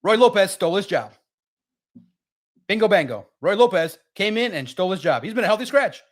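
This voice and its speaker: A man's voice: high voice, big pitch swings, a little fast. A man hosting a live sports stream, talking casually and with energy straight to his chat viewers. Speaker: sports livestream host.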